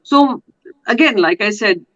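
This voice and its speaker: A woman's voice: on the high side, expressive, unhurried, a bit bright, muffled recording. An Indian woman, a politician speaking as a guest in a televised debate, insistent and full of fillers and restarts.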